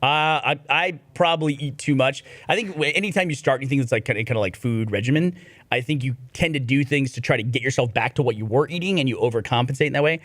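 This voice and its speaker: A man's voice: mid-range voice, fast, dry recording. A man co-hosting a podcast in casual chat, joking and telling stories. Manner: animated, joking storyteller. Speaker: podcast co-host.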